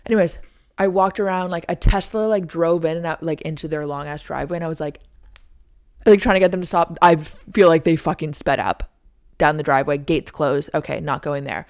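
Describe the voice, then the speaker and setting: A young woman in her twenties hosting a podcast, telling a story in a casual, animated way with lots of "like". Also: brisk. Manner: animated, frequent "like", acts out her own lines in a high squeaky voice. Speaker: podcast host.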